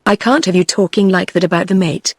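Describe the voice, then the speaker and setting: A man's voice: high-pitched, a little fast, dry recording, clean studio sound. A text-to-speech woman's voice reading the lines of a stern male second mate who speaks sharply. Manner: sharp, commanding.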